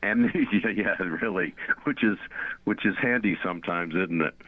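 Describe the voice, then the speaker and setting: A man's voice: low-pitched, moderate pace, no echo. A man on a Christian radio show, earnestly teaching and repeating phrases for emphasis. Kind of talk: conversational faith talk on radio. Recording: phone-like radio line.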